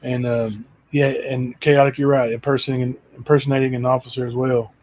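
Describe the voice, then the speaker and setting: A man's voice: medium pitch, little pitch movement, brisk, a little mellow. A man hosting his own livestream channel, chatting loosely with frequent fillers. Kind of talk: casual chat.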